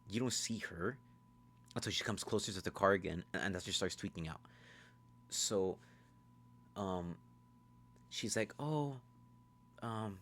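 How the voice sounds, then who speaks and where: Male movie reviewer with a deep voice, casual and profane, rambles through a plot recap with lots of "like" and "bro". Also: fairly bright tone. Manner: rambling, profane, fast storytelling.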